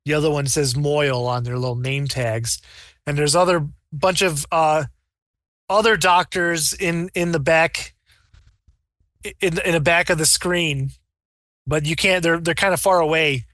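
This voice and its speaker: Brief: male game master, bright and slightly high, rambling animated narration, dry close sound. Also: measured pace, no room sound. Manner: rambling, animated, breaks into character voices.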